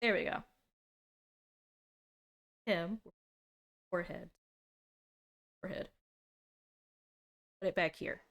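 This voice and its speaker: A woman's voice: lowish voice, slow, vocal fry, pauses often. Laughing, sarcastic young woman streamer. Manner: animated, laughs a lot, sarcastic. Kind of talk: casual reaction stream.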